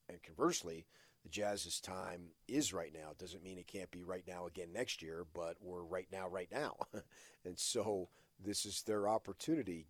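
Deep voiced radio sports guy, opinionated, lots of uh's, dry studio sound. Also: darkish tone, dry recording. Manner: opinionated, emphatic, many "uh" fillers. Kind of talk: casual sports talk.

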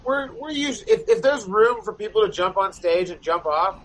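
A man's voice: sits high, lively intonation, brisk, fairly bright tone, rough recording. A man in a band telling a long, rambling story in casual chat, swearing constantly and packing his talk with fillers.

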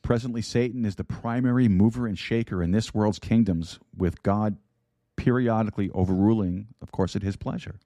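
A man's voice: on the low side, steady tone, normal speed, mellow, dry recording. A man preaching a sermon on an online broadcast, repeating himself and asking his audience questions. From United States. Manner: repeats words, asks the audience rhetorical questions. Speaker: pastor. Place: online broadcast with a chat room.

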